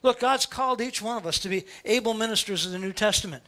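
A male pastor, preaching a sermon in church in an animated, playful way, often asking rhetorical questions. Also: high voice, fast talker.

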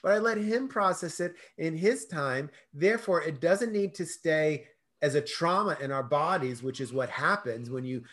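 A man's voice: on the high side, normal speed. A middle-aged man, a guest in an interview, telling stories expressively and acting out the dialogue. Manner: expressive storyteller, acts out dialogue. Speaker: guest, self-love coach. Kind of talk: animated conversational interview.

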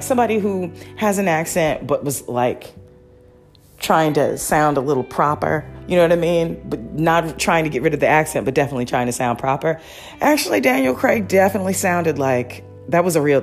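A woman hosting a podcast, talking casually in a rambling, chatty way with many fillers and restarts. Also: low-pitched. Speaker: podcast host. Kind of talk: casual solo review chat.

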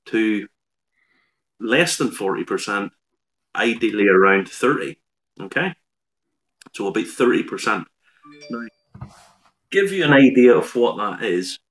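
A man, a whiskey expert on a live online show, explaining in a measured way with dry humour. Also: medium pitch, animated, a bit bright.

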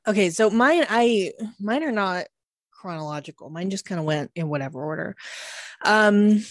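Relaxed, hesitant female co-host, mid pitch, dry close sound. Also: moderate pace, no echo. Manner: relaxed, hesitant, restarts often. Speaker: podcast co-host. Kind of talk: casual chat.

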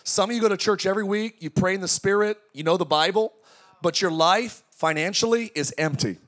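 A man preaching a lively sermon to his congregation, joking and calling out questions to the crowd. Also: sits high, a little fast. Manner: energetic, joking preaching with audience call-outs. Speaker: pastor. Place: large tent church.

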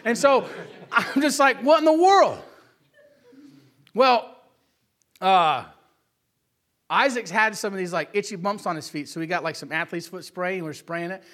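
A man in his thirties tells a family story with a high voice. His tone is bright and forceful. He keeps checking in with the listener with a quick "right?". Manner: animated storyteller, often asks "right?". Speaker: father telling a family story. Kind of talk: casual personal anecdote.

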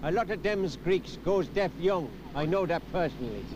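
An actor playing a boastful, drunken sea captain, in a hammy stage brogue, from a film clip. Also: male voice, on the high side, lively intonation, moderate pace, muffled recording, lightly acted. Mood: mocking. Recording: film clip with outdoor noise.

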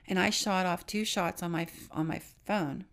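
Low gravelly woman telling a story. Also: fairly even intonation, normal speed. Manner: earnest, hushed drops into whispers at tense moments. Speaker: podcast co-host. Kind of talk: personal storytelling.

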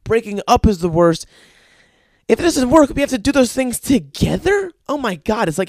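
Speaking a little fast and very animated, a young man delivers a crude, rambling solo rant on his podcast, packed with fillers. His voice is high-pitched and a little mellow. The recording is dry with clean studio sound.

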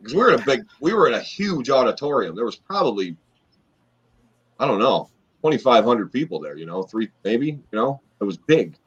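A man and former wrestler, co-hosting a podcast, telling long stories in a rambling, animated way with lots of fillers. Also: medium pitch, breathy edge. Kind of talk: casual storytelling chat. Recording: dull lo-fi podcast audio.

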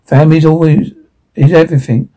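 An actor playing a soft-spoken, earnest man courting a single mother in a drama. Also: fairly high pitch, steady tone, a little fast, lightly acted. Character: charming man hiding a menacing side. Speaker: suitor on a date. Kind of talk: dramatic film acting.

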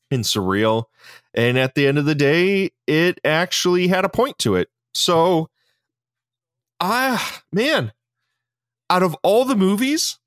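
A man co-hosting a casual film podcast, his pitch swinging widely as he gushes and swears about the movie. He laughs easily, and his voice is close and dry, with no room sound. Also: no room sound. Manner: enthusiastic, profane, laughs often. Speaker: podcast co-host. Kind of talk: casual film review chat.

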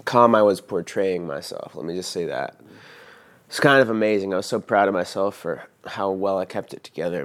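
A man's voice: sits low, clean tone. A young man casually recounting a personal story, rambling with frequent fillers and swearing. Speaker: vlogger telling a personal story.

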